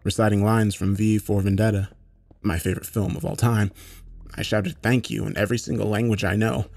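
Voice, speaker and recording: A man narrating a horror story in a measured, matter-of-fact way, with occasional swearing. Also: fairly low pitch, steady tone, gravelly, a little mellow, dry recording.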